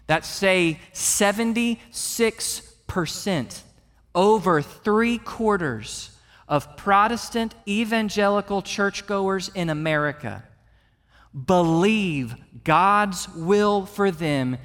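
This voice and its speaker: A man preaches to his church in an earnest voice that sits a little high. He builds from quiet reflection to emphatic peaks. His voice rings with the long reverb of a large sanctuary. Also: slow pace. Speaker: pastor. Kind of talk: sermon.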